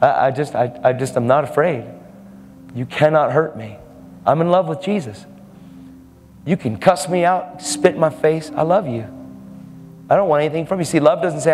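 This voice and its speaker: A man's voice: fairly high pitch, lively intonation, moderate pace, pauses often, in a large hall, soft background music. A man preaching a fervent, emphatic sermon, laughing now and then between points.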